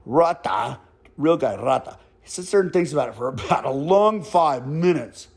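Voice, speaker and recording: Casual, chuckling male yarn-spinner, high and lively voice. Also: moderate pace, creaky, breathy edge. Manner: chuckles often, profane, casual. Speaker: storyteller. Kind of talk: comedic spoken storytelling.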